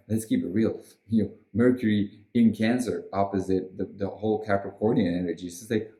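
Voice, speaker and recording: A man's voice: lowish voice, fairly even intonation, fairly quick, few pauses, mellow. A man giving a casual weekly astrology forecast in an emphatic, rousing way with frequent swearing. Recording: roomy echo.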